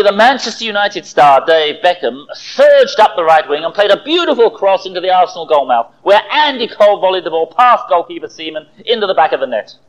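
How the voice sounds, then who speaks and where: A man preaching a sermon, telling stories with animated, dramatic delivery. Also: high-pitched. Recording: dull lo-fi recording.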